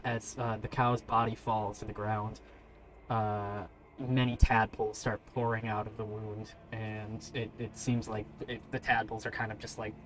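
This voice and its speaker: A man's voice: fairly low pitch, background noise. A man narrating a tabletop game as game master, loose and rambling with many fillers.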